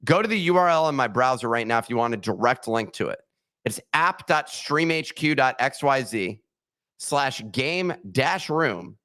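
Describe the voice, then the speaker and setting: A man co-hosting a casual podcast chat, talking in an animated way and walking listeners through steps. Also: mid-range voice. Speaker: podcast co-host.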